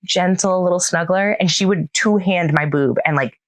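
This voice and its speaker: A woman in her thirties co-hosting a podcast, telling stories with animated energy and frequent laughs. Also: lowish voice, moderate pace, no echo. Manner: animated storyteller, laughs often. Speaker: podcast co-host. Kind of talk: casual chat.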